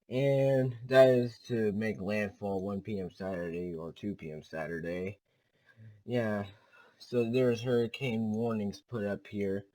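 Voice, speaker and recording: A young man hosts his own weather video, rambling casually as he points across satellite and model maps. His voice sits a bit low, and he leans on filler words between thoughts. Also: darkish tone, rough recording. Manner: loose and rambling, many "so yeah" fillers. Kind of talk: casual weather briefing over screen maps.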